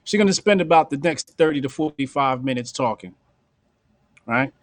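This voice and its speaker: A man hosting a casual podcast, talking bluntly in slang and acting out quick bits of dialogue. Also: medium pitch, lively intonation, no room sound. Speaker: podcast host.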